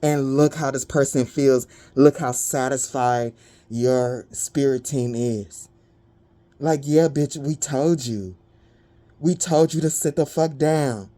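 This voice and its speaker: Woman doing a spiritual reading, slow and dramatic, cusses a lot, low mellow tone. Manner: dramatic, blunt, profane, breathy asides. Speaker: spiritual reader.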